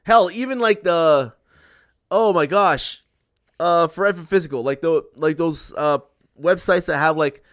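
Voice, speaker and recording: A man's voice: fairly high pitch, a little slow, a bit bright. A young man streaming and chatting to viewers, ranting in an exasperated way, repeating himself and swearing. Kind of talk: ranting casual chat to viewers.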